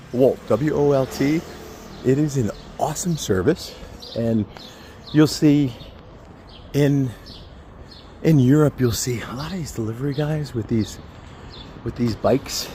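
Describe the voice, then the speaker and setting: A man's voice: mid-range voice, warm tone. A man who is an airline pilot, chatting casually in a rambling, sidetracked way as he walks uphill on a city street, slightly out of breath. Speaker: airline pilot and travel vlogger. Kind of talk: casual walking vlog. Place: outdoors on a city residential street. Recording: noisy outdoor street ambience. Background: street traffic.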